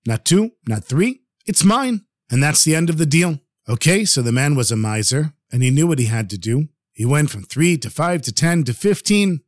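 A man narrating a Chassidic folk tale in a lively, conversational way. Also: on the high side, dry recording, studio quality. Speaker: storyteller.

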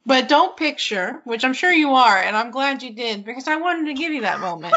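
A woman's voice: high voice, very animated, a little fast, highs cut off, heavy background noise. A woman co-hosting a podcast in casual chat, laughing often and reading from an article. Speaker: podcast co-host.

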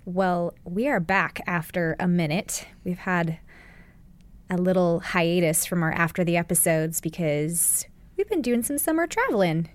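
A woman's voice: fairly low pitch, expressive, a little slow. A woman who produces a recovery podcast, chatting casually in a booth, bubbly and giggly. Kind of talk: casual chat. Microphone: studio mic.

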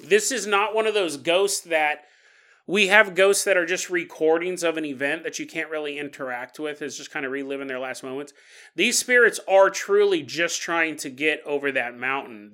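A podcast host tells ghost stories in a casual way, dropping playful, jokey asides. His voice is a little high with a sharp tone.

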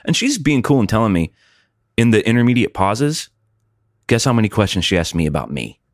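A man's voice: on the low side, brisk, no echo, clean studio sound. A man in casual podcast chat, telling stories animatedly, mimicking people and swearing freely. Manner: animated storyteller, mimics others in exaggerated voices.

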